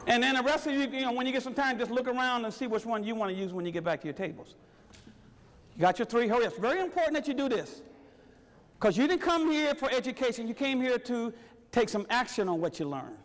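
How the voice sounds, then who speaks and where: High-pitched exhorting male motivational speaker. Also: expressive, fast, in a large hall. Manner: exhorting, repetitive, urging the crowd on. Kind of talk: energetic workshop talk to a live audience. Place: large meeting room with audience at tables.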